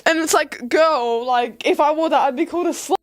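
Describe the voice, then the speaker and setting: Blunt young woman, high voice. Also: a little fast, no echo, clean studio sound. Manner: blunt, swears freely, "like" fillers, laughs mid-sentence. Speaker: vlogger. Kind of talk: casual chat.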